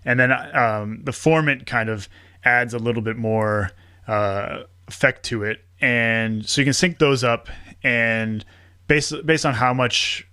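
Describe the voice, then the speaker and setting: A man's voice: mid-range voice, pushed and bright, clear, resonant tone, no room sound, clean studio sound. Chatty man laughing through explanations. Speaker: podcast producer and host, guest. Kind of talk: casual interview chat.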